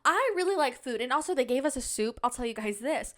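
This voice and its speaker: A woman's voice: high voice, expressive, quick pace, fairly bright tone. A young woman hosting a casual solo podcast, telling rambling stories with jokey asides. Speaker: podcast host. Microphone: podcast microphone on a stand.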